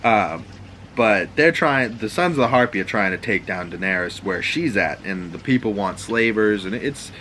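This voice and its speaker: A man with a Boston accent rambles through a casual, profane recap like a podcast host. His voice sits on the low side but has a bright, forceful edge. A faint background hiss runs under him. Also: expressive, normal speed, poor audio. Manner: loose, profane, rambling storyteller. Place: home room with water running next door.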